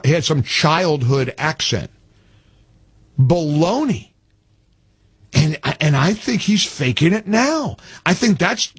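A man's voice: a little high, breathy edge, no room sound. A man hosting a call-in talk radio show, delivering an emphatic monologue and repeating phrases as he builds his point. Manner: emphatic, repeats himself when worked up.

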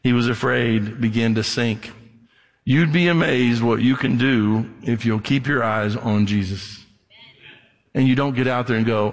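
A male pastor with a gravelly, rough-edged voice preaches in a loose, conversational way, slipping into the voices of the people in the story. His words ring out with a long reverb in a church sanctuary. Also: mid-range voice, unhurried. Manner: conversational preaching, acts out Bible scenes. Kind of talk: sermon.

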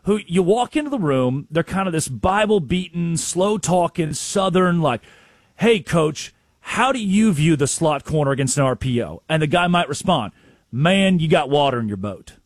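A high, lively male voice with a husky edge, recorded dry and close. He is an excitable sports talk co-host who swings his pitch wide as he acts out quotes from coaches. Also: moderate pace, no echo.

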